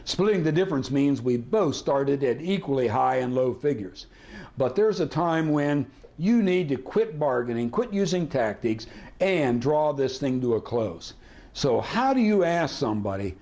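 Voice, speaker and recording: A man's voice: medium pitch, animated, moderate pace, darkish tone. Male negotiation trainer, seminar delivery, quizzes the room with rhetorical questions. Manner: asks the audience rhetorical questions and acts out sample dialogue. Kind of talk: seminar teaching.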